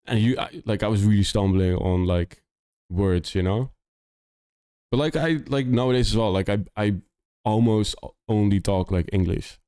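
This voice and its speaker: Young Dutch-accented male streamer, lowish smooth voice, casual and rambling, close dry mic. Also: moderate pace, warm tone, dry recording. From Netherlands. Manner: rambling, full of "like" and restarts. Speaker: music producer streamer reviewing demos. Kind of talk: casual live-stream chat.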